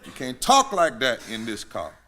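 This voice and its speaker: A pious, fussy country pastor, played by a preaching man, scolding with churchy indignation. His voice is forceful and pushed. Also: medium pitch, wildly swooping pitch, normal speed. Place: synagogue gathering.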